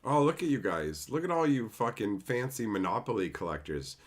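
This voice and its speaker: A man's voice: on the low side, very animated, moderate pace. A man hosting a live stream, ranting bluntly and sarcastically with lots of swearing and greeting viewers in the chat. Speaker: livestream host. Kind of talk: profane live-stream commentary.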